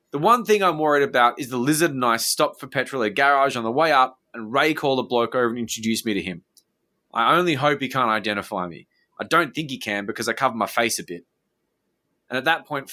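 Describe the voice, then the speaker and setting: A man's voice: medium pitch, pushed and bright. A man co-hosting a podcast, reading a police statement aloud and cutting in with scornful, sweary asides. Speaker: podcast co-host.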